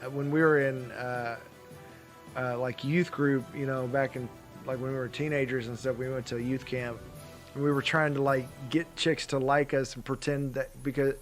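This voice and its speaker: A man's voice: mid-range voice, flat delivery, normal speed, soft background music. A man with a Southern American accent co-hosting a casual podcast chat, rambling with many fillers and restarts. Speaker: podcast co-host.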